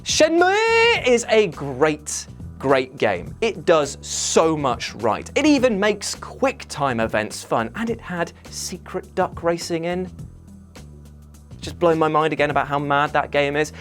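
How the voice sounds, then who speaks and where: A man hosting a comedic gaming countdown, full of sarcastic jabs. His pitch is lively and rises and falls a lot. A faint music bed plays underneath. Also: measured pace. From Britain. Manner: sardonic, lively, jokey. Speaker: gaming video host.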